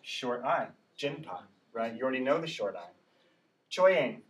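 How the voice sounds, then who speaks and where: A man's voice: mid-range voice, animated, fairly quick, crowd noise. A male English teacher running a classroom pronunciation drill, patiently saying words for the class to repeat and checking in with "right?". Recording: distant classroom recording.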